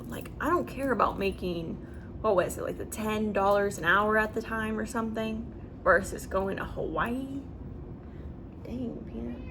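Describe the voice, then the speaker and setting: A woman's voice: mid-range voice, measured pace, noisy background. A young adult woman chatting casually as she tells a story-time vlog, with lots of fillers. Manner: chatty and animated, with many fillers. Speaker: vlogger.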